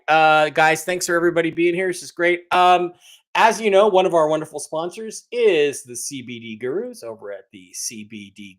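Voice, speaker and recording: A man's voice: a little high, fairly bright tone. A man hosting a casual livestream, greeting viewers in the chat and teasing them in a rambling way. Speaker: livestream host.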